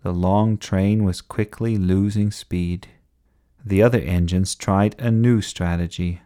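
A man reading a children's bedtime story aloud in an expressive storybook style. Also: deep voice, takes it slowly.

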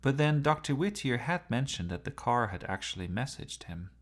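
Gravelly-voiced man reading a story. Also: mid-range voice, normal speed. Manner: expressive reading. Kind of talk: storybook narration.

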